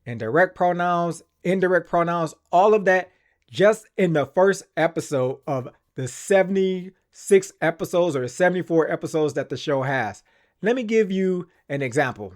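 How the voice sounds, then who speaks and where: A man's voice: high voice, lively intonation, moderate pace. A man hosting a language-learning channel, speaking earnestly and enthusiastically in a casual explanatory vlog.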